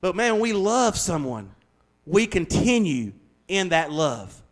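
A man preaching a sermon as pastor, folksy and conversational, speeding up and slowing down as he goes. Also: sits high, big pitch swings. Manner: folksy, conversational preaching with shifting pace and volume.

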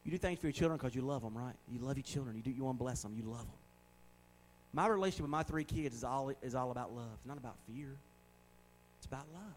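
A man's voice: mid-range voice, fast, a little hiss or hum, poor audio. A man in his forties preaching a sermon in a conversational way, with joking asides and words repeated for emphasis. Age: 40s. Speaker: pastor.

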